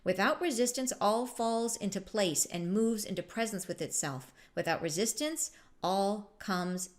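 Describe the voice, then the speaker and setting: Woman, spiritual teacher, mid-pitched voice; easygoing and reflective, chatty, laughs readily. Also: measured pace. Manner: reflective, chatty, laughs often, many fillers. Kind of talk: relaxed spiritual talk.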